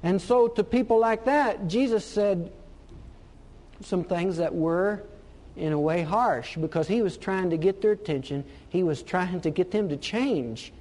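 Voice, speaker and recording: A man with a high voice preaches a sermon. He hammers his points home, circling back to the same phrases again and again. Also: a little slow, darkish tone. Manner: emphatic, repeats key phrases.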